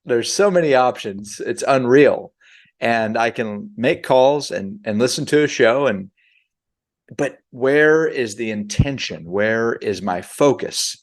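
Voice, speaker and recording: A man's voice: medium pitch, expressive, takes it slowly. A man leading a sales team, giving a conversational motivational talk that stops to define words. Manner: conversational, defines words aloud, shifts pace often.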